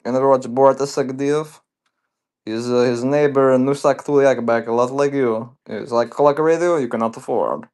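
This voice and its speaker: A man's voice: on the low side, big pitch swings, normal speed, vocal fry, no room sound, heavily acted. A man putting on a boastful comic foreign reporter, speaking in broken grammar.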